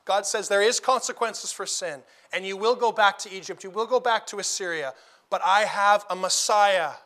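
Male preacher, high bright voice, emphatic sermon delivery with repeated phrases. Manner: emphatic, repeats phrases for stress, rising to loud declarations.

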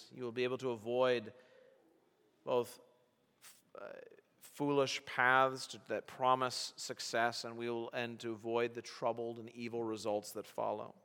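Male pastor, sermon delivery, forceful, bright tone, long hall reverb. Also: mid-range voice, level tone, unhurried, clear, resonant tone. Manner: preaching with rising, emphatic bursts.

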